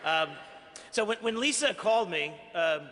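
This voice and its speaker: In an echoey recording from a large banquet hall, an award honoree from Queens, New York, speaks at a gala. His voice is high and animated at normal speed, over background noise, as he gives an earnest, self-deprecating acceptance speech.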